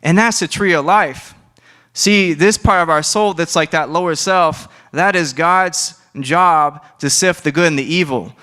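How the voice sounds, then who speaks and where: A man's voice: on the high side, measured pace, sharp tone. A young man giving a casual, conversational sermon, full of asides and restarts. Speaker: preacher.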